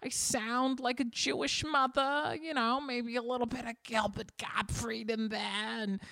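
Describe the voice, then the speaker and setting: A man doing a shrill squeaky teen boy. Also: flat delivery, measured pace, creaky, sharp tone, dry recording, full character voice. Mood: whiny. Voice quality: high shrill whine. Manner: nagging, nasal. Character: squeaky adolescent boy wanting a deeper voice.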